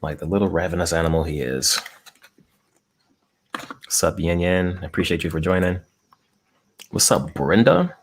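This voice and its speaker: A man's voice: deep voice, lively intonation, normal speed, pauses often. A man hosting a casual eating live stream from home, laid-back, greeting chat viewers and chuckling often. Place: room at home with air conditioning. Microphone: desk mic close up.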